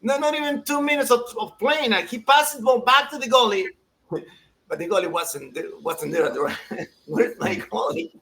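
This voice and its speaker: A man, chatting casually as a soccer pundit, animated and laughing as he acts out quotes. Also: extremely high pitch, normal speed, rough recording. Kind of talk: casual podcast chat.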